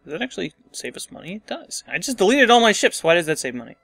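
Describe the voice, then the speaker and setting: A man's voice: high voice, very animated, quick pace, gravelly, a bit bright, dry recording, faint music behind. A man casually commenting on a strategy game as he plays, thinking aloud and muttering asides to himself. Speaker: let's play host.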